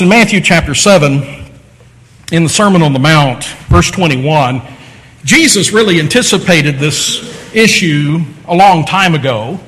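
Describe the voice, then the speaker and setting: Guy preaching, voice jumps all over, repeats stuff for emphasis, pretty high voice. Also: long reverb tail, rough recording. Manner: animated, repeats phrases for emphasis. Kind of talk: sermon lecture.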